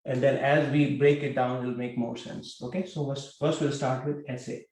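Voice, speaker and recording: A man's voice: mid-range voice, flat delivery, moderate pace, a little mellow, roomy sound, slight background noise, rough recording. A man teaching a language class over a video call, talking with many fillers and putting questions to his students. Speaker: Hindi teacher.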